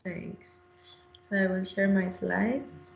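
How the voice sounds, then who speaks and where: A woman's voice: mid-range voice, steady tone, takes it slowly, vocal fry, roomy sound, highs cut off. Woman presenting in a hesitant webinar voice. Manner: hesitant, many fillers and restarts. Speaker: postdoctoral researcher presenting.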